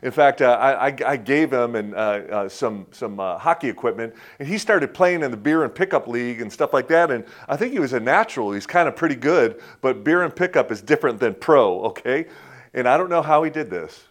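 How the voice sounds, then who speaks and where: A man's voice: medium pitch, expressive, a little fast. A man in his fifties preaching a conversational sermon, telling personal stories in a folksy way with many restarts and chuckles. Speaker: pastor.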